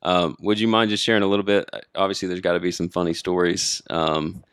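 A man hosting an interview, asking relaxed, casual questions. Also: sits low, brisk, smooth, dry recording. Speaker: podcast host and interviewer.

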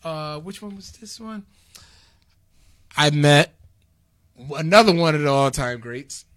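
On the high side and slow, this man's voice carries animated convention stories. He's a podcast guest in casual chat who laughs often and acts out people's remarks as he goes.

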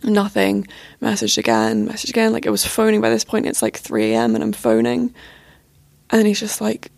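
A young woman recounts a painful relationship story in a candid, halting way, peppered with "like" and "you know". Her voice sits at a middle pitch with a noticeable gravelly fry. The sound is close and dry, with no room echo. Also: very animated, darkish tone. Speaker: podcast guest. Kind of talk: personal storytelling.

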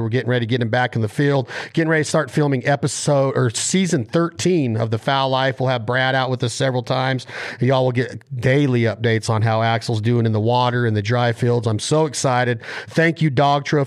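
A man hosting a podcast, talking in a folksy, heartfelt way and often repeating himself. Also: mid-range voice. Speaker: podcast host. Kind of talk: casual podcast chat.

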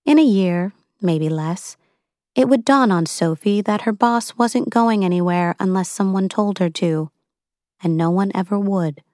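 A woman narrating a novel in a wry, even storytelling manner. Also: mid-range voice, unhurried, no echo, clean studio sound. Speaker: audiobook narrator. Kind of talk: scripted narration.

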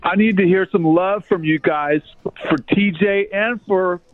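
Chill guy calling in, kinda high voice, dull phone sound. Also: a little slow. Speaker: caller. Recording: muffled phone line.

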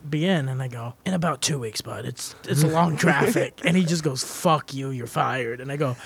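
A man's voice: on the high side, brisk, vocal fry. A young man from Texas hosting a podcast, telling comic stories, laughing often and acting out the people in them. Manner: laughs often, acts out others in dialogue. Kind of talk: casual comedic storytelling.

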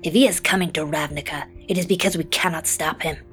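A male narrator voicing a fierce, blunt gorgon queen with a husky voice and curt delivery. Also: on the high side, fairly even intonation, fast, soft background music, natural voice. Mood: scornful. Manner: curt and forceful.

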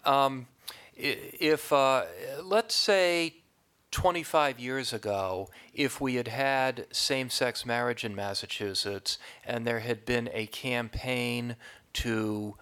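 Older man, panel speaker, measured delivery with frequent fillers. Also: medium pitch, fairly bright tone, clear, resonant tone. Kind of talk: public panel discussion.

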